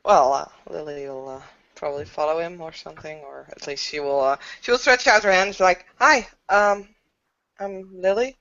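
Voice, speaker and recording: A woman with a fairly low voice plays in a tabletop game. She talks haltingly and softly and fills her pauses with ums. The audio is dull and lo-fi. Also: vocal fry, dry recording. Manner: hesitant, soft-spoken, many ums. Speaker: player.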